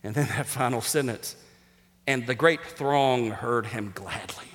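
A man preaching a sermon as pastor, energetic and jokey, sometimes rising almost to a shout for emphasis. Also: mid-range voice, unhurried. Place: church sanctuary. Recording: reverberant hall.

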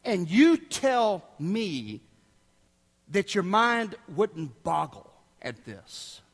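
A man's voice: sits high, sing-song, extremely slow, slightly rough. A male preacher giving a sermon, telling stories animatedly and acting out quotes in different voices. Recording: echoey hall.

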